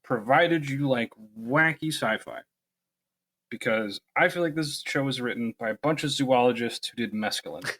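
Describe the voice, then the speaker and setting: Bright-voiced enthusiastic male podcast co-host. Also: medium pitch, moderate pace. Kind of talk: casual chat.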